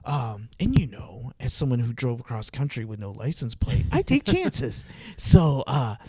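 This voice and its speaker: A man casually telling an animated story on a podcast, laughing often. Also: mid-range voice, moderate pace, slightly rough, dry recording. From Arizona, US. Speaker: podcast host.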